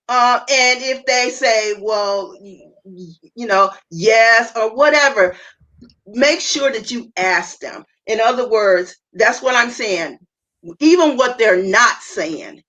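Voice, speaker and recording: An earnest woman with a fairly high voice, speaking as a guest over a video call. She drives her points home by repeating key phrases. She often stumbles and restarts mid-sentence. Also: fairly bright tone, poor audio. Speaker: panel guest. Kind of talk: earnest advice talk.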